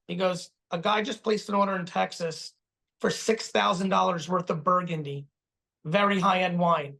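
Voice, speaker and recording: A man's voice: high voice, moderate pace, vocal fry, sharp tone. A man telling a business story with emphatic, profane energy over a video call. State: getting stitches while talking. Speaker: guest speaker answering questions.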